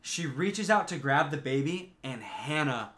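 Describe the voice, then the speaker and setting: Casual film-recap host, male, slightly higher voice, chatty storyteller with loose filler words. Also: unhurried. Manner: animated storyteller, many fillers.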